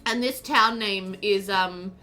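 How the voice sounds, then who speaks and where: Slow and medium-pitched with a sharp edge, an Australian woman chats while live-streaming a game from home. Her talk rambles and is packed with fillers, and soft music plays in the background.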